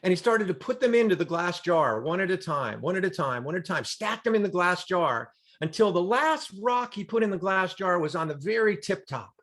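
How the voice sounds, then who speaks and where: Brief: motivational speaker, fairly high male voice, dramatic storytelling pace, call audio. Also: lively intonation, normal speed, few pauses, fairly bright tone. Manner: dramatic storyteller, repetitive emphatic phrasing. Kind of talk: storytelling keynote on a group call. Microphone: video call.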